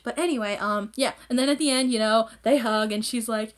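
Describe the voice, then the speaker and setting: A woman's voice: on the high side, fairly quick. A woman rambling enthusiastically as she reacts to an anime episode in a casual vlog, recorded on a phone at home. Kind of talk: casual chat.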